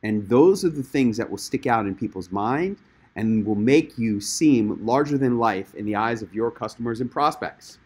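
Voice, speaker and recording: A man's voice: medium pitch, expressive, moderate pace, darkish tone, slightly rough. A man hosting a webinar and coaching speakers with emphatic, enthusiastic encouragement.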